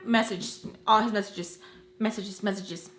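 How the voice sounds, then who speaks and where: A young adult woman vlogger telling a dramatic story in an animated, slangy way. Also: medium pitch, unhurried, echoey room. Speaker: beauty vlogger. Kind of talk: storytime vlog.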